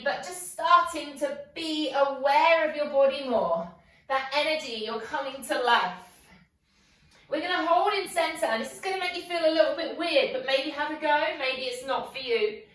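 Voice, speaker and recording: A woman teaches a guided yoga session, her high, slightly bright voice sounding encouraging and playful as she poses coaxing questions. The recording is distant and very reverberant.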